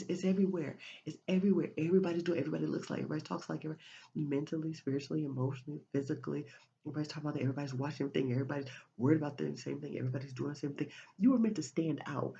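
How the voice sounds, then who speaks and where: A woman's voice: sits low, vocal fry, mellow, dull audio, a little hiss or hum. A woman giving a spiritual motivational talk, repeating and restarting her phrases in a preachy way. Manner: repetitive, preachy, many restarts. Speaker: motivational speaker.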